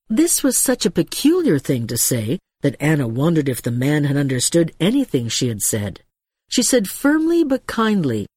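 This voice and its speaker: A woman narrating a novel as a scripted audiobook reading, with expressive storytelling. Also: deep voice, moderate pace, breathy edge, dry recording, studio quality.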